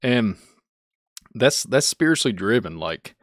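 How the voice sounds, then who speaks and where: A man's voice: fairly low pitch, animated, unhurried, no room sound, studio quality. A man from Kentucky with a Kentucky accent, hosting his channel with casual, rambling, self-mocking commentary. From Kentucky, USA. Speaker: channel host.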